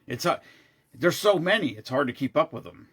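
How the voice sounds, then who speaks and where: A man's voice: a little high, big pitch swings, normal speed, a bit bright, slightly rough. A man chatting casually and telling a story, rambling and restarting his sentences often, with blunt, profane asides. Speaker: show regular. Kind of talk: casual chat.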